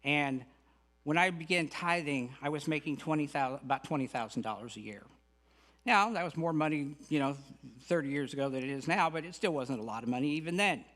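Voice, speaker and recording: A middle-aged man with a slightly high voice gives an earnest spiritual lecture to a congregation. His delivery is folksy and conversational, and he drops in humorous asides. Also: fairly quick, fairly bright tone. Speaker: guest speaker. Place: spiritual center sanctuary.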